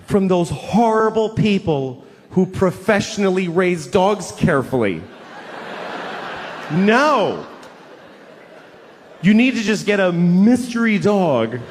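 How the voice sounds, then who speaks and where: A man in his forties doing stand-up on a theater stage, his voice sitting a bit high and swinging widely in pitch. He tells stories deadpan, then bursts into shouts. The sound carries a long hall reverb over faint background noise. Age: 40s. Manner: deadpan storytelling with sudden shouted outbursts. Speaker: stand-up comedian. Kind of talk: stand-up routine. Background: audience laughter.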